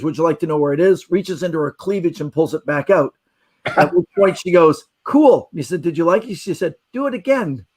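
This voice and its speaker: High-voiced Canadian man telling stories. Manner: animated storyteller acting out quoted voices. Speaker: magician guest. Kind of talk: casual storytelling on a podcast.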